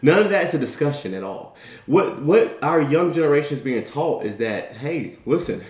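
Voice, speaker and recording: Brief: male motivational speaker, slightly high voice, punchy and emphatic, roomy echo. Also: big pitch swings, moderate pace, darkish tone. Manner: emphatic, tag questions, storytelling. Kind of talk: motivational talk. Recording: echoey room.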